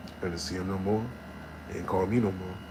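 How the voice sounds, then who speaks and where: Talking fairly quickly with fairly even intonation over background noise, a man shares a personal story full of slang. He keeps asking "right?" and "you know what I'm saying," shifting from low mutters to loud, emphatic bursts.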